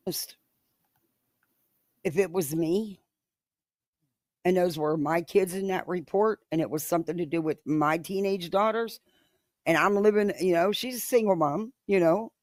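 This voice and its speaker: A woman talking on a live stream, hesitant and halting, often restarting her sentences. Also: fairly low pitch, dry recording, clean studio sound. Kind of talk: live-stream opinion chat.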